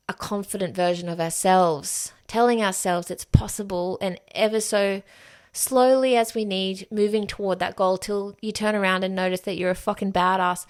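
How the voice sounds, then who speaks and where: A woman's voice: medium pitch, steady tone, moderate pace, smooth. A woman hosting a solo podcast, talking frankly and emphatically and swearing freely. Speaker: podcast host. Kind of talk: candid solo podcast monologue.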